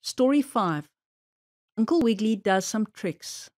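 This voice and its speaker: A woman reading a children's story aloud in a playful, expressive storytelling manner. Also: mid-range voice, unhurried.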